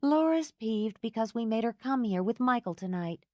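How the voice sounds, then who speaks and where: A woman's voice: fairly high pitch, animated, normal speed, dark tone, no echo, studio quality, voice pushed up, natural voice. A woman voicing a bold, blunt woman friend who teases and pushes. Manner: brash, pushy.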